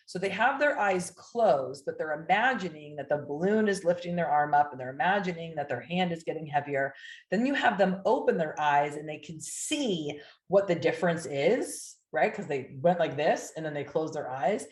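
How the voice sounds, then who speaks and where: Low-voiced woman coaching hypnosis. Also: lively intonation, moderate pace. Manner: chatty, with fillers like "like" and "right?"; acts out clients and soothing hypnotist lines. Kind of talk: casual teaching talk.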